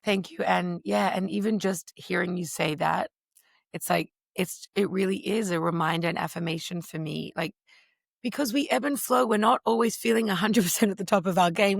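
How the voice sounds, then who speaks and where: A middle-aged woman talking in an interview, expressive and animated as she tells stories. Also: medium pitch, normal speed, vocal fry, no echo, clean studio sound. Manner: expressive, animated storyteller with voices. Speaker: podcast guest. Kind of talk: interview conversation.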